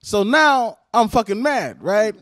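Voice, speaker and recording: A man, a comedian guest, telling an animated, profane story on a talk show. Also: high voice, slow pace, no room sound. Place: studio.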